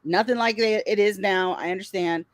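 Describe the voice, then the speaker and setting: A woman's voice: mid-range voice, normal speed, no room sound. A middle-aged woman co-hosting a casual chat who laughs often and chimes in with reactions. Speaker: co-host.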